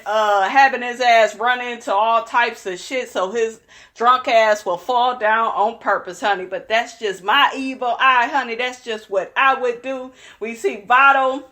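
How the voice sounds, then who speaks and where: A woman's voice: on the high side, bright, forceful tone. A young woman hosting a reality show recap, chatting casually in a sassy, opinionated way and calling her viewers "honey.". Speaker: recap channel host.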